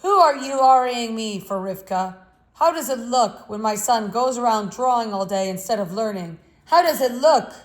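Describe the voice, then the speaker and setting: A woman's voice: mid-range voice, normal speed, close to an everyday voice, rough recording. A woman reading the part of a stern, worried father who scolds his young son. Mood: angry. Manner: agitated, scolding.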